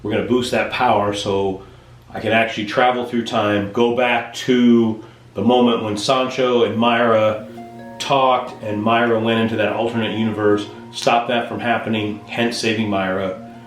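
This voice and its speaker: A man's voice: fairly low pitch, little pitch movement, moderate pace, echoey room. A man rambling through a playful, self-correcting comic vlog monologue. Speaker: vlogger and storyteller. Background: music.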